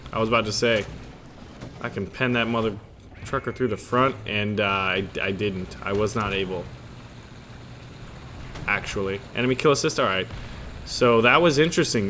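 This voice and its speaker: Bright-voiced man commentating gameplay. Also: on the low side, a little hiss or hum. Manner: chatty, joking, swears freely.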